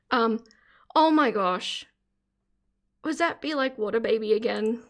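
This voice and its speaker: A woman's voice: fairly high pitch, moderate pace. A woman hosting a live stream, chatting casually with her viewers and thanking them again and again for donations, often laughing and flustered. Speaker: livestream host.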